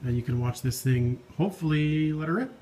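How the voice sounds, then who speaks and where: A man's voice: fairly high pitch, fairly quick. Guy tinkering on his old car in the garage, cracking jokes at himself, bit of noise behind. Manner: jokey, self-deprecating, talks while working. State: out of breath. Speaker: car hobbyist vlogger. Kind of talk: casual garage vlog. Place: home garage and driveway.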